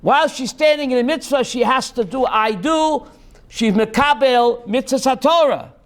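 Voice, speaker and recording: A man with a strikingly high voice teaches a text-study class as a rabbi. He reads Hebrew lines aloud, translates them, and keeps calling on students by name with quick questions.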